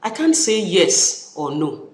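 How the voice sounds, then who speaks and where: Animated lecturer with a Nigerian English accent. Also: mid-range voice, slow, slight background noise. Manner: animated, repeats key phrases, acts out example exclamations. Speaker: university lecturer. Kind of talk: recorded study-session lecture. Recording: echoey room.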